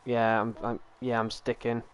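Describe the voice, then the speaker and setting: A man hosting a live stream, telling stories in quick, playful casual chat. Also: medium pitch, completely flat delivery, slight background noise. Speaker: streamer host.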